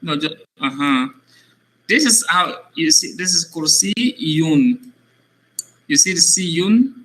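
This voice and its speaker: A man teaching an Arabic lesson to a child, patient and slow, repeating each word to drill it. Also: a little high, lively intonation, pushed and bright, poor audio. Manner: patient, repeats words slowly to drill them. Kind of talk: one-on-one language lesson for a child.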